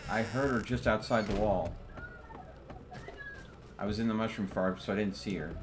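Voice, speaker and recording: A man's voice: lowish voice, fairly even intonation, moderate pace, noisy background. A man hosting a multiplayer let's play, chatting casually and explaining the game's design at length. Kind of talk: casual gaming chat.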